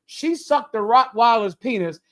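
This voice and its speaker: A man's voice: extremely high pitch, expressive, moderate pace, fairly bright tone. A man leading a livestreamed religious lesson, preaching emphatically in a lecturing, repetitive cadence. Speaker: religious group leader.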